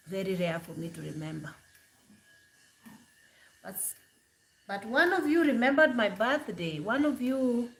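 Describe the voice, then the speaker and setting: Blunt chatty woman, high voice. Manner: blunt, chatty, quick to laugh. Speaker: vlogger. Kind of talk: casual chat to camera. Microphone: camera.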